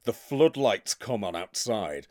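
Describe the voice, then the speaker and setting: A man's voice: on the low side, very animated, takes it slowly, darkish tone, dry recording, clean studio sound. A man from the United Kingdom in casual chat, telling stories with enthusiasm and wandering off on tangents. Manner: enthusiastic, digressive storyteller.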